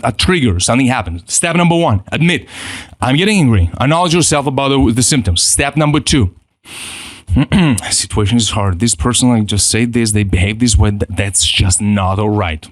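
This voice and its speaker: A man teaching a self-help lesson in an animated way, acting out quoted inner voices and often repeating himself. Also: medium pitch, moderate pace, no room sound, studio quality. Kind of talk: motivational teaching.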